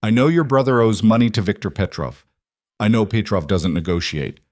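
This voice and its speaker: A cool, clipped mafia boss, read by a man, a low-pitched voice laying out threats as plain fact, never raised, never rushed. Dry and close, no room around it. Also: a little mellow, no echo, lightly acted. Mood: cold. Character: cold controlled male mafia boss.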